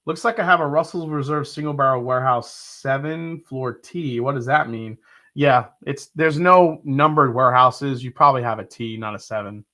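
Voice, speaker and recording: A man's voice: a little high, bright, forceful tone. A middle-aged man hosting a casual livestream tasting, talking enthusiastically and rambling as he reads viewers' comments aloud. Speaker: livestream whiskey reviewer.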